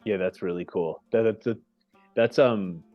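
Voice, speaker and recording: Upbeat low-voiced man hosting a call. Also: measured pace, muffled recording, soft background music. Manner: energetic and animated, with many restarts and "right?" tags. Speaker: host of the goal call. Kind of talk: casual group video call chat.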